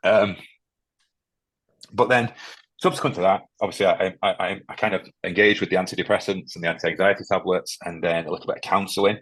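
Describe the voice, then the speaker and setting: A man sharing a personal story as a podcast guest, emotional and halting, often restarting his sentences. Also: sits low, steady tone, a bit bright, no room sound. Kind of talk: candid interview conversation.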